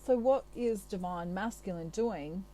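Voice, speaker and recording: A woman's voice: medium pitch, unhurried, dark tone, poor audio. A woman from Australia giving a channelled tarot reading in a chatty, reassuring way, with many asides. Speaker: tarot reader.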